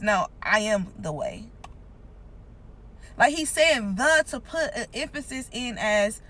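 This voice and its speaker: Earnest woman preaching slowly. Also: fairly high pitch, a bit bright, low-quality recording. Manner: earnest, repetitive, emphatic, conversational. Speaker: Christian content creator. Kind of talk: informal devotional teaching.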